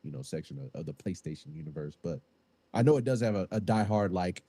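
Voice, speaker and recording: Deep voiced podcast guy, stumbles over words a bit, dry close sound. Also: animated, fast, mellow, slightly rough, no echo. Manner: hesitant, repeats words. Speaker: podcast co-host. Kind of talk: casual chat.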